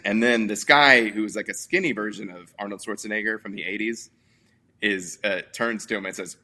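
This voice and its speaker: A man's voice: lowish voice, normal speed, bright, forceful tone. A man hosting a casual movie review podcast, telling stories in a rambling way with lots of fillers. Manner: rambling, filler-heavy storytelling. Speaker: podcast host.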